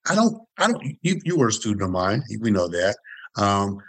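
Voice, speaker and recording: A man's voice: on the low side, sing-song, moderate pace, fairly bright tone, dry recording, low-quality recording. A man in his sixties from Detroit, telling stories as an interview guest in an emphatic way, repeating phrases for effect. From Detroit, Michigan. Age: 60s. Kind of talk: reflective storytelling.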